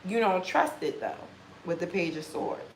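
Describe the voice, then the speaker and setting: A woman's voice: lowish voice, moderate pace, reverberant, a little hiss or hum, rough recording. Blunt, profane woman reading tarot. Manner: blunt, profane, animated commentary. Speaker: tarot reader.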